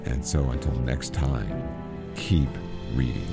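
Very deep, gravelly radio host. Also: male voice, animated, over loud music. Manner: halting, repeats words when explaining. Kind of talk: book discussion with read-aloud passages.

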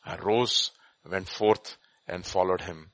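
A man preaching a sermon, quoting scripture and hymns, swinging between loud emphatic bursts and quiet murmurs. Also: sits low, slow pace, no room sound. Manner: quotes scripture and hymn lines, chuckles between points.

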